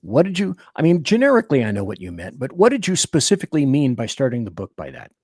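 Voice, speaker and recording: A man hosting a talk radio interview, animated and rambling, often cutting himself off and restarting. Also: mid-range voice, fast talker, husky, no room sound, studio quality. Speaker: radio show host.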